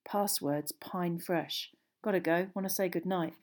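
A woman's voice: unhurried, lightly acted. A woman playing a confiding teenage boy. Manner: lowered, confiding voice. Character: friendly older teenage boy sharing a tip.

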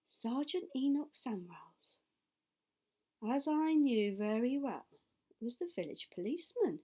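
A woman's voice: a little high, sing-song, unhurried, warm tone. Woman reading a storybook aloud. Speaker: audiobook reader. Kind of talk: storybook narration.

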